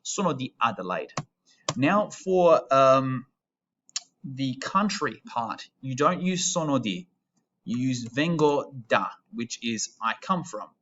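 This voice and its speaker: A man's voice: mid-range voice, big pitch swings, takes it slowly, fairly bright tone, muffled recording, a little hiss or hum. A young Australian man in his twenties, a teacher who explains an Italian lesson step by step in a patient, chatty way. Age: 20s. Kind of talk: recorded classroom lesson.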